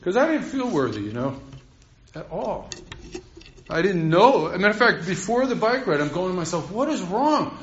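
A man's voice: high-pitched, sing-song, moderate pace, a little hiss or hum. An older man rambling through a heartfelt recovery share, laughing often. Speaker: speaker sharing at a recovery meeting. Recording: roomy, dull recording.

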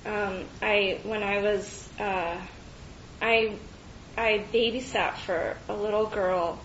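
A woman sharing a personal story in a halting, reflective way, with many fillers and restarts. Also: steady tone. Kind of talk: personal testimony. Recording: dull roomy recording with faint rumble.

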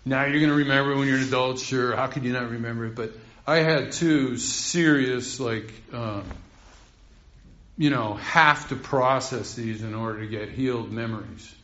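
A man's voice: medium pitch, normal speed, bright, forceful tone. Older man sharing, roomy dull sound. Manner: rambling and heartfelt, laughing often. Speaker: speaker sharing at a recovery meeting. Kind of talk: personal recovery share.

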